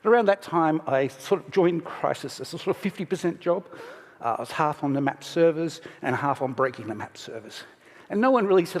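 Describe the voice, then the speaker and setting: A middle-aged man gives a conference talk in a relaxed, candid manner, often cutting himself off mid-sentence. His voice sits a little high and comes through slightly husky. The stage mic carries a long hall reverb around him. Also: brisk. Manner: casual and candid, self-interrupting, emotional at moments. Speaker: conference speaker.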